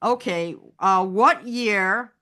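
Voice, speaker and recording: A woman's voice: medium pitch, extremely slow, sharp tone. A woman co-hosting a casual chat, telling stories with lots of laughter and restarts. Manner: chatty storyteller, laughs often, many restarts. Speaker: co-host.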